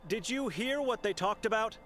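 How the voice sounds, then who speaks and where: An anxious monk from Hungary. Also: male voice, high voice, expressive, normal speed, a bit bright, slight background noise. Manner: polite, anxious questioning. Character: earnest young male monk searching for his sister.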